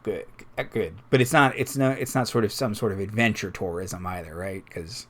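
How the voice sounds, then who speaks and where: Low-pitched male game master, casual, filler-heavy narration. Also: moderate pace.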